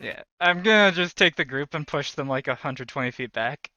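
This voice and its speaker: A man's voice: a little high, lively intonation, normal speed, bright, forceful tone, no echo, highs cut off. A man playing a tabletop role-playing game, matter-of-fact about rules and moves. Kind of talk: casual game chat.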